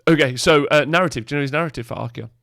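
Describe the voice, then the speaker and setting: A man with a gravelly, fry-laden voice chats his way through a podcast as its host. He talks loosely and casually, with plenty of uhs and little laughs between his points. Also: fairly high pitch, very fast, fairly bright tone. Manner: rambling, lots of filler uhs and laughs. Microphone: podcast microphone.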